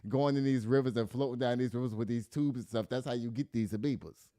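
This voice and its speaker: In this casual news show, a middle-aged man reads out stories and then riffs on them, laughing and animated throughout. He speaks fast in a mid-range voice, with no room sound on the recording.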